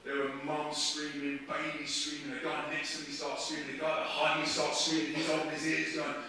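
A man's voice: on the high side, monotone, a little fast, sharp tone, recorded from a distance, a little hiss or hum. A man, preaching and telling a story animatedly, acting out the voices in it. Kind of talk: sermon storytelling. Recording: echoey hall, voice from off mic.

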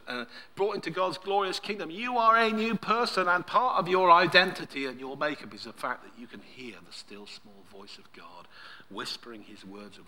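A man preaching a sermon, swinging between loud emphasis and near-whispered softness. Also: mid-range voice. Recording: long hall reverb.

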